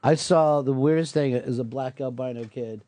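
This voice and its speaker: A man on a radio talk show telling a childhood anecdote with animated, profane delivery. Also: mid-range voice, normal speed, no echo. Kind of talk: casual anecdote.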